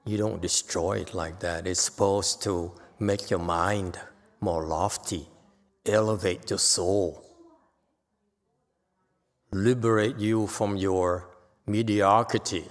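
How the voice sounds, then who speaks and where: A man's voice: sits low, steady tone, takes it slowly, pauses often. An older man giving an unscripted dharma talk as a Buddhist teacher, blunt and exhorting, often checking in with "okay?". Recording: long reverb from a hall.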